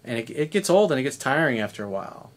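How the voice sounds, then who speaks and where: A man in his fifties with a voice of ordinary middle pitch, talking as a dating coach. He speaks bluntly and conversationally, swearing casually as he works through a coaching monologue. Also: big pitch swings, fast. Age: 50s.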